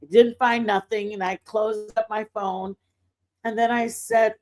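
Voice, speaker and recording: Animated woman telling faith stories. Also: mid-range voice, measured pace. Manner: animated, breaking into excited outbursts. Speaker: livestream host. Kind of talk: casual faith storytelling.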